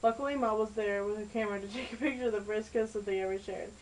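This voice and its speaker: Woman narrator, amateur story reading, plain, middling pitch. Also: fairly even intonation, quick pace, a little hiss or hum, poor audio.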